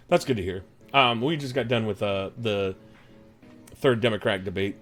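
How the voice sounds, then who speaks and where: A man with a fairly low, fairly bright voice and a Texan accent hosts a live stream with music playing. He jokes around, rambles and chats with his viewers, using their names.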